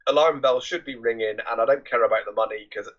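A man's voice: medium pitch, fast, fairly bright tone, highs cut off. A man co-hosting a movie review podcast, rambling casually, hunting for names and swearing offhand. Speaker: podcast co-host.

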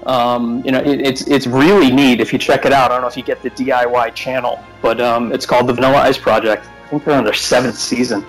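A man co-hosting a casual podcast, rambling and jokey, quick to mock himself. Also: medium pitch, level tone, faint music behind, low-quality recording. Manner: jokey, rambling, self-mocking. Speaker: podcast co-host.

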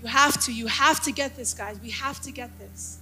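A woman's voice: a little high, normal speed, bright, forceful tone. A young adult woman pastor preaching a sermon, passionate and rising to fervent exclaiming.

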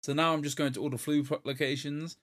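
A man's voice: fairly high pitch, level tone, fast, a bit bright. A young man co-hosting a casual gaming podcast, rambling with lots of restarts and laughing at his own jokes. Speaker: podcast co-host. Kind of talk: casual chat about video games.

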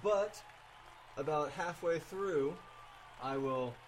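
A man playing a tabletop game, describing his moves in a playful, halting way. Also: on the high side, a little hiss or hum. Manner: hesitant, playful. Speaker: player.

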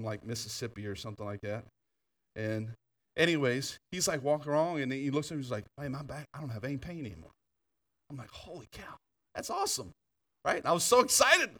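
A man preaching a sermon in a church, his voice moving in lively swings as he tells stories with laughs and asides. He sits at a middle pitch and is a little off the mic, so the sound carries some of the hall. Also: recorded from a distance. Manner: animated storytelling with laughter and asides. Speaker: pastor. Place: church sanctuary.

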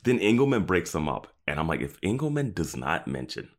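A man with a very low voice that swings widely in pitch co-hosts a casual talk show. He picks apart a TV episode's logic with incredulous, profane remarks and the odd laugh. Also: big pitch swings, fairly quick. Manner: critical, incredulous, swears freely, laughs. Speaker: podcast co-host. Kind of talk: casual chat discussing a TV episode.

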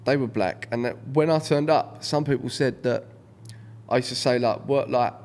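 A man's voice: medium pitch, normal speed, darkish tone. A man, hosting a casual podcast chat, talking in a rambling way with lots of fillers and restarts. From England. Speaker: podcast host.

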